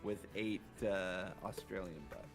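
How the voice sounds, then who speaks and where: A man co-hosting a drawing livestream chats casually and in a laid-back way, reading viewer questions aloud. He has a deep voice with a steady tone and a measured pace, and music plays in the background.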